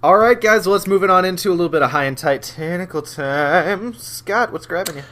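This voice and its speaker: A man's voice: high voice, fairly quick, a bit bright. A man hosting a podcast, upbeat and steering the casual chat along. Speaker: podcast host.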